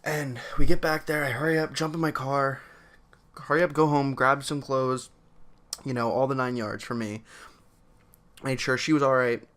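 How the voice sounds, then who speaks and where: Excitable young man telling a story. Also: mid-range voice, normal speed, pauses often. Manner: excitable, laughing, many fillers. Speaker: co-host telling a birth story. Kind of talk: casual storytime chat.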